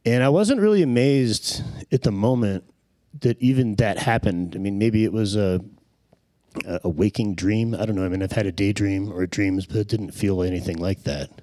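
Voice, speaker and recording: A man's voice: fairly low pitch, moderate pace, mellow, dry recording. Earnest man telling a personal testimony. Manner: earnest, reflective, searching for words. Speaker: speaker sharing a personal testimony. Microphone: handheld microphone.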